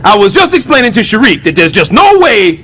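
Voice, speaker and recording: A man voicing a brash, scheming middle-aged building superintendent in a cartoon, loud and sarcastic. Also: high-pitched, sing-song, brisk, husky, soft background music, exaggerated voice. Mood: blustery. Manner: loud, sarcastic wisecracking, jumps between growls and squeals. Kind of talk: stop-motion cartoon voice acting.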